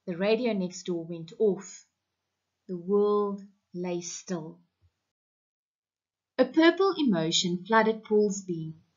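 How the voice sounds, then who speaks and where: A woman teacher from South Africa, reading a story aloud to her class in an online lesson with deliberate, expressive storytelling. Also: mid-range voice, slightly rough. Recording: muffled lo-fi recording.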